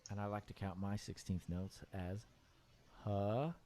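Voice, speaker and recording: A man's voice: lowish voice, fairly even intonation, moderate pace, warm tone. A man teaching a piano class, joking with his students while he draws notes with a mouse.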